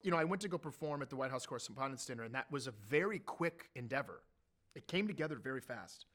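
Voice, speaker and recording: A middle-aged man telling animated stories as an interview guest, his pitch and loudness jumping suddenly. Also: quick pace. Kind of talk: storytelling in an interview.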